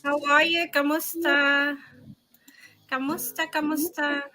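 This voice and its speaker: A woman hosting a casual livestream, greeting viewers by name with quick shout-outs. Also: high-pitched, flat delivery, slight background noise. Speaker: livestream host.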